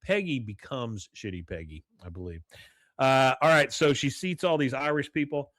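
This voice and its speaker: A man's voice: medium pitch, expressive, moderate pace, fairly bright tone, dry recording, studio quality. A man hosting a podcast, casually recapping a cartoon episode with lots of "uh" and acted-out quotes. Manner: rambling retelling full of "uh" and acted-out quotes. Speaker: podcast host.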